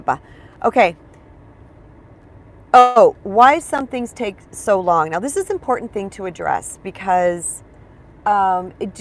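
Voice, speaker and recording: Woman coach, chatty and expressive, narrating her own stories in a relaxed talk to camera. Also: medium pitch. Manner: chatty storytelling, addresses viewers as "you guys"; expressive, acts out her own past reactions. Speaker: life coach. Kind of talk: casual motivational talk to camera.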